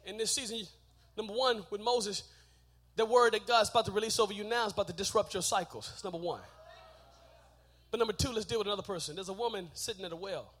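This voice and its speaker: A man preaching a sermon, shouting his points and joking with the congregation in a church. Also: high voice, quick pace.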